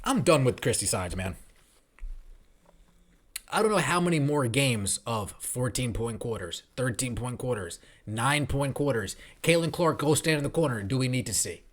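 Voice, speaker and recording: A man's voice: mid-range voice, lively intonation, moderate pace. Fired-up, profane male sports podcaster. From New York tri-state area. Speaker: podcast host. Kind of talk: ranting sports commentary.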